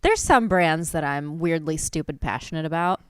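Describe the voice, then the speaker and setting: Low-voiced woman podcast host. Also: expressive, normal speed, clear, resonant tone, no room sound, studio quality. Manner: warm reactive listener. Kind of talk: casual chat.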